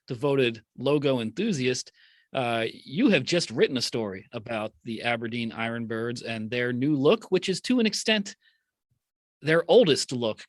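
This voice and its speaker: Dry, measured male co-host. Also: medium pitch, no room sound. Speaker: podcast co-host. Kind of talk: casual podcast chat.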